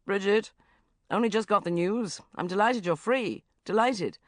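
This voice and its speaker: Light take on a boyfriend's answerphone message in an audiobook, brisk and warm , read by a woman. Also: medium pitch, no room sound, clean studio sound, lightly acted. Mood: pleased. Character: eager boyfriend leaving a phone message.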